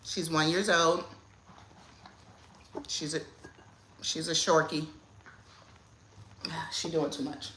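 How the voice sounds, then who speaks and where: Woman, AAVE speaker, livestream host; bright, slightly low voice; chatty and quick to laugh. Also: steady tone, a little hiss or hum. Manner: chatty, laughs often, reads viewer comments. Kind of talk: casual live chat with viewers. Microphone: phone or webcam on a livestream.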